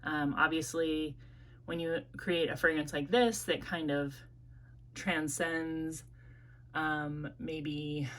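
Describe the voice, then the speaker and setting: A Midwestern woman with a notably deep voice chats through a casual perfume review. She rambles freely and fills pauses with ums and likes. Her mid-sentence restarts keep it unscripted. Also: steady tone, a bit bright. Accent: American Midwest. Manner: chatty, rambling with frequent fillers and self-corrections. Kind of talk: casual product review vlog.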